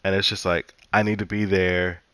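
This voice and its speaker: A man with a lowish voice vents about his life in a casual monologue, cursing constantly and circling back over the same points as he gets worked up. The sound is dry and close, with no room around it. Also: level tone, moderate pace, a bit bright, smooth, dry recording. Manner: profane, heated, repetitive storytelling. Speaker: vlogger telling a personal story.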